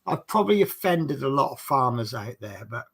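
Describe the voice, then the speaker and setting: A man's voice: mid-range voice, sing-song, brisk, creaky, crowd noise. A man with a Norfolk accent, hosting a casual chat and rambling along in a chatty, self-mocking way. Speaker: podcast host.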